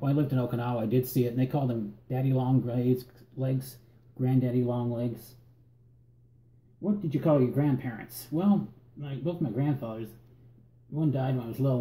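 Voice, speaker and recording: A man from Northern Virginia with that region's accent works through an accent tag word list in a relaxed, halting way and stops to repeat himself. His voice is very dark and mellow, at a middling pitch. The recording carries a roomy echo. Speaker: vlogger.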